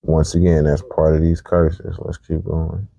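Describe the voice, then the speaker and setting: A man's voice: rumbling low, completely flat delivery, a little slow, vocal fry, mellow, no echo, highs cut off. A man giving blunt, profane, preachy commentary on a video clip.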